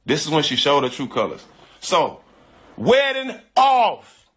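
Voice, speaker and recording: A man's voice: medium pitch, moderate pace, sharp tone, breathy edge. A man earnestly recounting a painful personal story in slangy, repetitive casual talk. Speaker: guest telling a personal story. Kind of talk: emotional storytelling.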